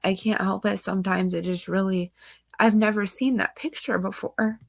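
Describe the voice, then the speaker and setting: A young woman hosting a true crime channel speaks with a creaky, mid-range voice, fairly even intonation and a moderate pace, in a dry, clean studio recording. Casually discussing missing-child cases and reading news aloud, she is emotional and near tears, soft-spoken and sighing.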